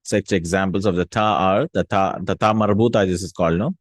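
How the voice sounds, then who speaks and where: Low-voiced man teaching a language, dry sound. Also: dry recording. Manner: explains slowly, repeats words, checks with "hmm?" and "no?". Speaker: Arabic teacher. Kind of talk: casual language lesson.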